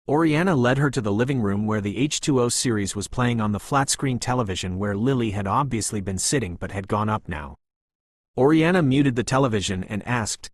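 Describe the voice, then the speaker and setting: A man narrating a novel as an audiobook in a calm, even, pleasant reading voice. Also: fairly low pitch, normal speed, no echo, clean studio sound.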